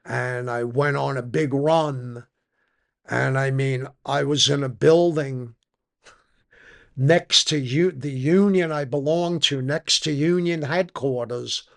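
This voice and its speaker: A man's voice: medium pitch, takes it slowly, vocal fry, a bit bright. An older man, telling his personal recovery story frankly in a conversational interview. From New York. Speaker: podcast guest.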